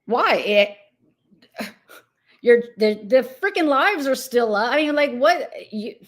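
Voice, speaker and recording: Woman commentary host, slightly high voice, irritated and disbelieving. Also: expressive, slow pace. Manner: irritated, incredulous, addresses target directly. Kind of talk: exasperated commentary rant.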